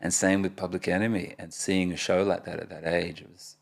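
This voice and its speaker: Deep gravelly man telling stories. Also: brisk. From Australia (Perth). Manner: animated storyteller, laughs often. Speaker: guest, rapper. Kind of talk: casual interview storytelling.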